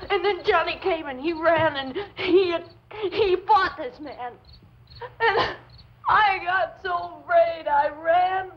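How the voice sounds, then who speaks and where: An actress playing a young woman in shock over her lost brother, recalling the attack in a halting way and breaking into sobbing pleas, in 1960s horror film acting. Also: very high voice. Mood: hysterical. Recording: dull, hissy old film soundtrack.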